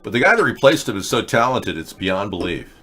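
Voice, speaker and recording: A man with a lowish voice hosts a political talk show from a desk mic. He rambles in casual commentary, thinking aloud, stumbling through fillers and half-finished sentences. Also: sing-song, fairly quick, bright, forceful tone, husky. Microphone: webcam or desk mic for a video chat.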